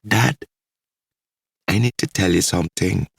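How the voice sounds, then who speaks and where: Earnest young island nurse, as a man puts her on, voice nudged a little higher, with his gravelly edge. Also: a little slow, no echo, studio quality, full character voice.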